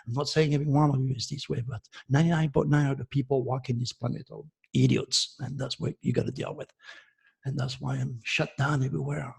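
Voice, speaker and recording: A man's voice: mid-range voice, fairly even intonation, brisk, vocal fry, darkish tone, slightly rough. A man from France, hosting an astrology show in a passionate, ranting monologue that turns emotional. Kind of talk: impassioned video monologue.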